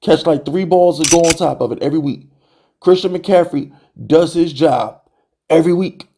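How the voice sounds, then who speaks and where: A young man hosting a sports fan channel, ranting to camera in an exasperated, animated way, full of rhetorical questions and repeated jabs. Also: fairly high pitch, normal speed, slightly rough. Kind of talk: heated fan rant to camera.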